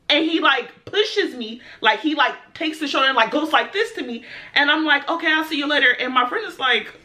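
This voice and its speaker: A young adult woman telling a storytime rant as a vlogger, animated and laughing as she acts out what people said. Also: high-pitched, fast talker.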